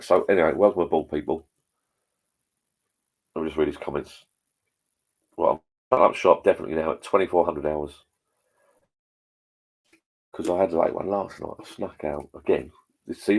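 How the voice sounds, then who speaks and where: Reading viewer comments aloud on his live stream, this middle-aged host rambles like he's down at the pub, blunt and full of swearing. His voice is extremely low and husky.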